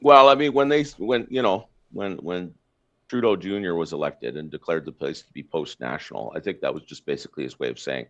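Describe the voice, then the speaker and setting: A man's voice: low-pitched, brisk, a bit bright. A Canadian man hosting a podcast, ranting bluntly in casual political chat with lots of fillers and restarts. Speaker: podcast host. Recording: slightly dull lo-fi sound.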